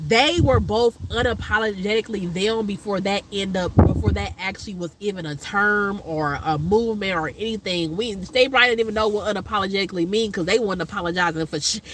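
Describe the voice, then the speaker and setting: A woman vlogger, telling a rambling personal story with many fillers and loud, high impressions of other people. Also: very noisy. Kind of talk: casual storytelling chat.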